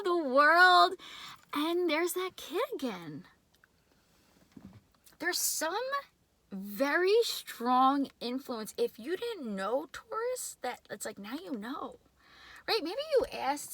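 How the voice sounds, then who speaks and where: Woman tarot reader, bright sharp voice, gravelly edge, excitable, nervous. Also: sits high, dry recording. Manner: excitable, chatty, many filler words. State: shaky and nervous. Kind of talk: casual tarot reading.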